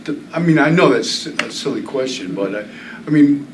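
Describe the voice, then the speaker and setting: A man's voice: mid-range voice, lively intonation, moderate pace. A man, a reporter, asking a question at a press conference, hesitating and rephrasing. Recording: distant mic in a noisy room.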